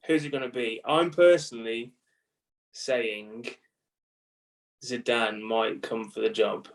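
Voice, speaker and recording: A man's voice: medium pitch, steady tone, takes it slowly, gravelly, distant mic, rough recording. A man casually asking questions and laughing along in a football chat. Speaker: podcast co-host.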